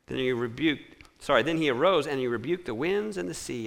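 A man preaching a sermon, posing rhetorical questions and dropping to a hushed tone to repeat a scripture refrain. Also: mid-range voice, animated, fairly quick, creaky. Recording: echoey hall with long reverb.

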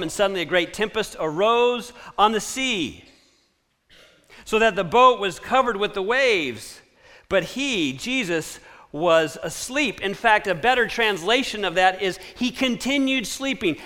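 A man preaching a sermon, posing rhetorical questions and dropping to a hushed tone to repeat a scripture refrain. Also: high-pitched. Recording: echoey hall with long reverb.

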